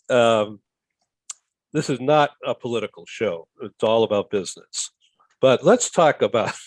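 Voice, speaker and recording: A man with a Boston accent hosting a casual talk show, quick and jokey. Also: medium pitch, darkish tone, no echo. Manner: quick, jokey, laughs between remarks.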